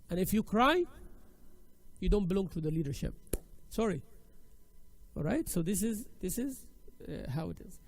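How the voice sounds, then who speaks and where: Animated high-voiced man. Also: moderate pace, pauses often, no room sound. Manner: animated and conversational, acts out examples. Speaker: Islamic studies teacher. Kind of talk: classroom lecture.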